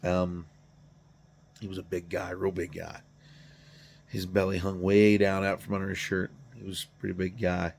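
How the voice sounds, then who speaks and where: A man's voice: sits low, little pitch movement, normal speed, gravelly, pauses often, a little mellow, a little hiss or hum. A tired middle-aged man talking in a casual, rambling monologue, swearing freely and joking at his own expense. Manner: profane, rambling, self-deprecating. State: tired, yawning. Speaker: garage channel host.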